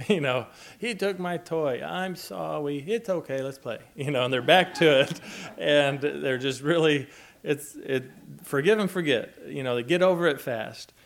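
A man preaching a sermon in a gentle, conversational way, chuckling often as he talks. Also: mid-range voice. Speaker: pastor.

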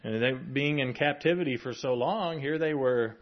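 A man's voice: medium pitch, normal speed. A man preaching a sermon in a conversational way, with chuckling asides between the scripture reading. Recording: dull lo-fi sound.

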